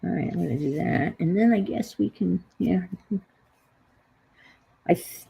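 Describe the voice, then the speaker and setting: Low, gravelly-voiced woman with a New York accent; rambling host of a craft stream who chats while she works. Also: a little slow, dark tone, poor audio. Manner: rambling, trails off and searches for words. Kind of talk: casual crafting chat.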